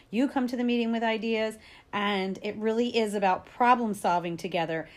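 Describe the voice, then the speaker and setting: Chatty woman giving parenting advice. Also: medium pitch. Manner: chatty and upbeat, acts out quoted parents and kids; frequent fillers and small laughs. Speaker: parenting educator. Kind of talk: casual advice talk to parents.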